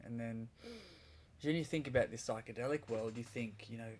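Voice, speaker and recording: A man's voice: medium pitch, normal speed, darkish tone. A man, a podcast guest, telling a vivid story in casual conversation, rambling a little with restarts.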